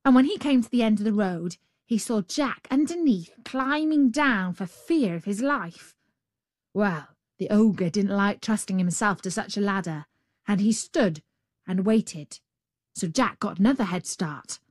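A woman reading a fairy tale aloud as a storyteller, in an expressive, drawn-out way. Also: medium pitch, no room sound, clean studio sound.

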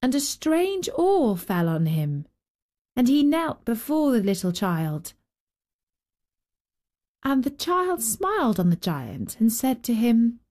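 A woman hosting and narrating a fairy tale with gentle, expressive storytelling. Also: on the high side, takes it slowly, long pauses. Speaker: storyteller and host.

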